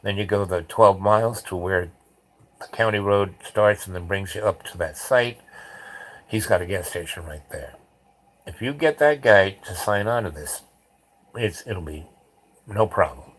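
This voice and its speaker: A man's voice: fairly low pitch, unhurried, long pauses, rough recording. A man telling a long casual anecdote, rambling with restarts and acting out the dialogue. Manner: rambling, full of "you know" and restarts; acts out dialogue in retold conversations. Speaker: storyteller.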